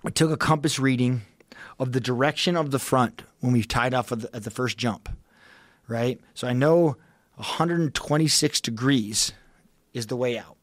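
Man, podcast guest, casual storytelling, profane, intense, mid pitch, dry close mic. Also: moderate pace, dry recording. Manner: profane, vivid, intense recounting.

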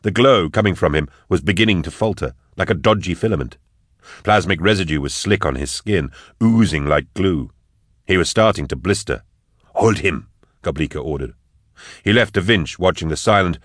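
Brief: man with a very low voice, measured audiobook narration, dry close sound. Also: dry recording. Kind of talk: scripted narration.

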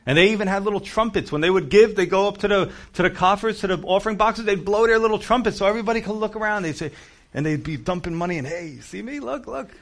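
A male pastor preaching a casual, conversational sermon, acting out quotes and cracking jokes with laughter. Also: quick pace. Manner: animated, acts out quotes with shifting pitch and volume; conversational, jokey asides with laughter.

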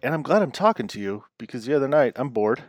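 A man's voice: medium pitch, lively intonation, fast, no echo. A man co-hosting a casual chat podcast, hesitant with many fillers and dry humor. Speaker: podcast co-host.

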